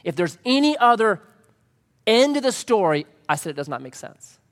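Man, 30s, pastor, sermon, animated storyteller, expressive pitch, echoing church hall. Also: normal speed. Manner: animated storytelling preacher, acts out quotes. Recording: long reverb of a large hall.

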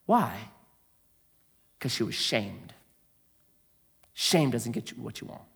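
A man preaching a sermon in a conversational way, asking rhetorical questions and swinging from loud emphasis to quiet asides. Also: sing-song, slow pace, gravelly, slightly rough. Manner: swings between booming emphasis and hushed, low asides. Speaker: pastor.

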